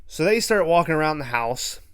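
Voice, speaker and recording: A man's voice: on the high side, lively intonation, brisk, a bit bright, smooth. A man hosting a podcast, casually recapping a movie in a laid-back, rambling way and swearing freely. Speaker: podcast host.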